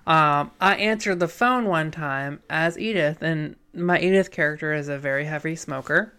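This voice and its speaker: A man's voice: a little high, normal speed, sharp tone, clear, resonant tone. Man with a light, often-mistaken voice. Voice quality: light voice often taken for a woman's. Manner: giggly, rambling storyteller. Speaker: podcast co-host. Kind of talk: casual chat.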